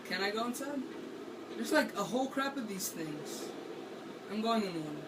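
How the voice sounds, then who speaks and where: A man's voice: high-pitched, expressive, moderate pace, recorded from a distance, very noisy. A man doing playful, rambling gameplay commentary for a video, talking to himself as he plays. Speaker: gaming video maker. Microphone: camera held by hand.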